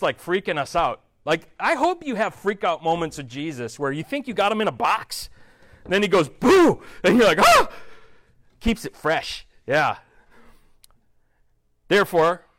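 A man preaching a casual sermon, reading scripture and breaking in with jokey, conversational asides. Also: high voice. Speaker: pastor.

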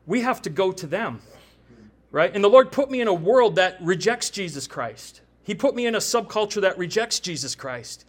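A man with a high voice preaches to a congregation in a loose, conversational way. He tags his points with "right?" and "you know?" as he goes. He mixes scripture with stories from his own working life. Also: expressive, moderate pace. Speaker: preacher and tattoo artist. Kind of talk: sermon with personal testimony.

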